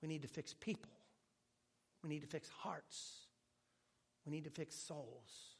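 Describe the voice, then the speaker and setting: A male pastor preaching a sermon with animated delivery and joking asides, at times dropping to a hushed tone. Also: on the high side, measured pace, gravelly, breathy edge.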